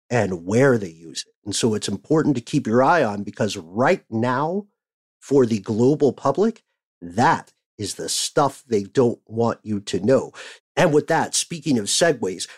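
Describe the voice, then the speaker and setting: Male podcast co-host, casual, animated explainer, mid pitch. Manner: laughs often, animated explaining.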